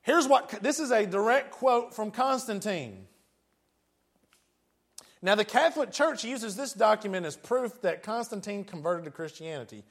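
A man's voice: sits high, animated, moderate pace. A man with a West Tennessee accent preaching a sermon in a folksy, joking way, laughing often.

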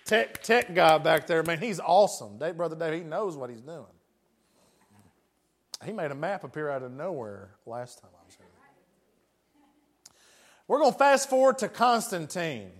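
Tennessee guy preaching, high voice, jokey and folksy, laughs a lot. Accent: West Tennessee. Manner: folksy, joking, laughs often. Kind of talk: sermon.

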